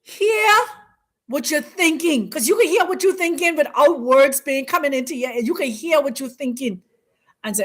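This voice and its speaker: A woman hosting a spiritual teaching talk, speaking in an emphatic, preacherly way with repeated, drawn-out phrases. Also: high-pitched, animated. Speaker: host.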